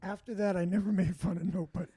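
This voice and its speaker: A man's voice: high-pitched, steady tone, quick pace, warm tone, husky, no room sound. A man, a stand-up comedian, telling rambling stories in casual chat and repeating himself as he goes. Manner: rambling anecdotal storytelling with repeats.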